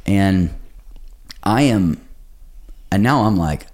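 A man's voice: low voice, lively intonation, slow, a little mellow. A man, a pastor, telling a personal story in a casual podcast conversation, animatedly acting out what people said.

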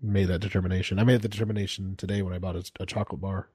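A man's voice: sits low, flat delivery, very fast, a little mellow, slightly rough. A man chatting casually with friends, teasing and laughing, swearing freely. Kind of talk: casual group chat.

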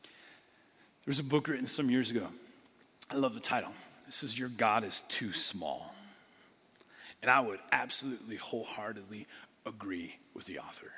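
A middle-aged man, a pastor preaching a sermon, who moves between lively talk and hushed whispers for emphasis. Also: fairly low pitch, normal speed, long pauses, slightly rough. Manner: dynamic, drops to a whisper for emphasis. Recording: long hall reverb.

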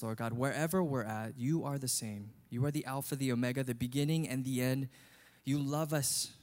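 Male pastor, conversational sermon delivery, mid-range pitch. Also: a little mellow. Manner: earnest, conversational preaching.

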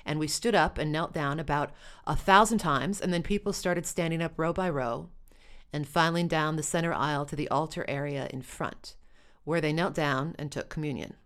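A woman's voice: low-pitched, normal speed, a bit bright. A woman telling a first-person story with wry, dry humor.

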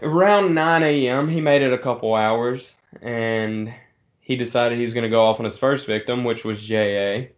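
A man's voice: mid-range voice, dull audio. A man telling a rambling story to friends in a casual, swearing way. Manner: laid-back, swearing, drawn-out pauses.

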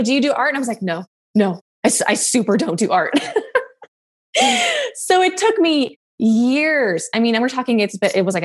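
Candid, animated woman telling a story. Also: a little high, gravelly. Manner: candid, animated, laughs often, swears casually. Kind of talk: casual conversational storytelling.

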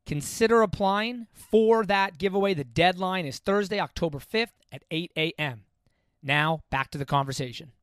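A man's voice: high-pitched, normal speed, a bit bright, clear, resonant tone, dry recording. A man hosting a podcast interview, asking probing, reflective questions and laughing easily. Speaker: podcast host. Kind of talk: conversational interview.

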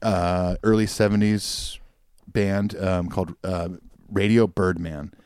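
A man's voice: low-pitched, steady tone, slow, a little mellow, smooth, dry recording, studio quality. A man co-hosting a podcast in casual chat, rambling with fillers and laughing often. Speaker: podcast co-host.

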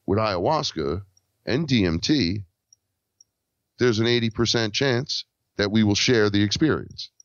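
Low-voiced man telling an animated story. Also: measured pace, pauses often, no echo. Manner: animated, acts out quoted dialogue. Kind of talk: casual storytelling. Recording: dull lo-fi dry recording.

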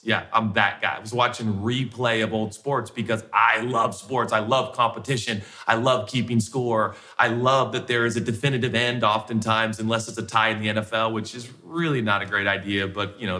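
A man's voice: on the low side, pushed and bright. A male pastor preaching a conversational sermon, firing off repeated rhetorical questions.

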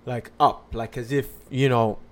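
A man's voice: medium pitch, fairly even intonation, measured pace. Rambling, filler-heavy man telling a story. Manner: rambling with many fillers and restarts. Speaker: podcast guest telling a personal story. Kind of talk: casual conversational storytelling.

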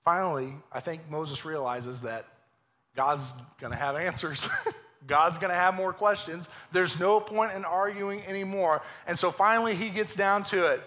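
A man preaching a lively, joking sermon in a church, acting out voices as he goes. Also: high-pitched, normal speed. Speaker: pastor. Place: church sanctuary.

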